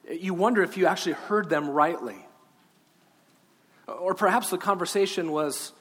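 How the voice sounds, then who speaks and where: A man preaching an Easter sermon as pastor, talking gently to children, then earnestly to the congregation. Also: high-pitched, moderate pace, slightly rough. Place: large church sanctuary. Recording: long hall reverb, faint room ambience.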